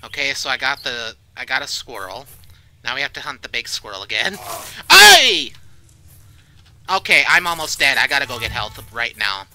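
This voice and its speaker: A man giving casual let's-play commentary, jumpy and swearing, with loud reactions to scares. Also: mid-range voice, fairly quick, slight background noise, low-quality recording. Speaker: gaming YouTuber.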